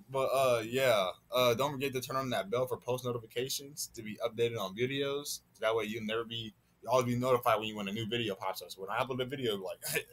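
A man's voice: medium pitch, steady tone, fast, fairly bright tone. A man hosting a reaction video, chatting casually and rambling with frequent stutters and laughs.

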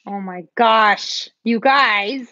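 A woman's voice: fairly high pitch, drawn-out words, sharp tone, dry recording. Chatty nervous woman painting on a livestream. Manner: chatty, nervous, talks to commenters. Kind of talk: casual live chat while painting. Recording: dull dry home-stream audio.

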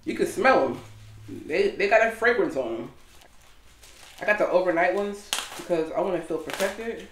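A chatty woman talking through her week in a casual vlog, animated and open. She sits a bit back from the mic in a roomy, echoey space. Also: on the low side, moderate pace, distant mic, a little hiss or hum. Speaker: vlogger.

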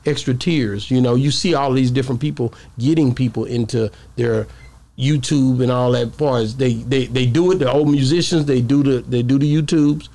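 A man's voice: medium pitch, fairly even intonation, moderate pace, dark tone. A man interviewing a comedian, talking in a rambling way with many restarts and giving advice. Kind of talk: casual interview chat.

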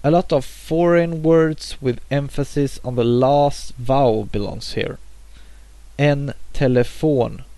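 A man teaching a grammar lesson, reading example words slowly with a pause after each one. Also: mid-range voice, steady tone, dark tone, no echo. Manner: measured, pausing between each example word. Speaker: language teacher.

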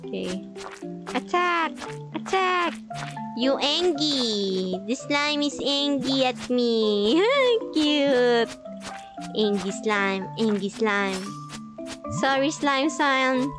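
A Filipino woman hosting a gaming channel casually comments on her own gameplay, chatting playfully at the enemies and giggling often. Her voice is fairly high and slow, with background music behind her.

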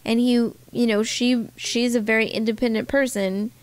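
A woman's voice: fairly high pitch, fairly even intonation, moderate pace. A woman co-hosting a podcast, telling a rambling personal story in casual chat. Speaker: podcast co-host.

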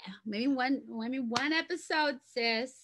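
A woman in easygoing podcast talk, teasing, joking and backing up her friend. Her voice sits a little high, and her tone is bright and forward. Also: measured pace. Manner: playful, joking, hypes up her co-host. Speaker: book club co-host. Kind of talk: casual chat.

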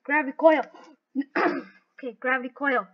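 A woman giving live gameplay commentary, excitable and talking to herself as she plays. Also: high-pitched, moderate pace. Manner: excitable, talks to herself while playing. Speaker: gaming video host. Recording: dull lo-fi recording.

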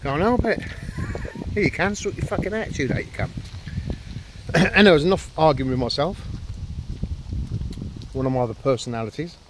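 A man's voice: fairly high pitch, normal speed, pauses often, noisy background. A man vlogging outdoors with his dogs, rambling and ranting, heavy with swearing and self-deprecating jokes. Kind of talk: casual rambling vlog.

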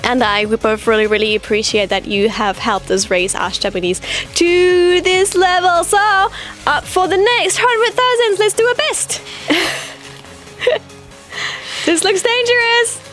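A woman with a high-pitched voice chatting in a casual vlog. She is bubbly and excitable and breaks into exclamations often. A bit of music plays faintly behind her. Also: normal speed. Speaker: YouTuber host.

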